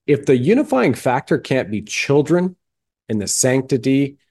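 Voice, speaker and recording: A man's voice: mid-range voice, very animated, moderate pace, mellow, breathy edge. A male podcast host interviewing a guest in a fervent, emphatic, folksy way. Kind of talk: interview conversation.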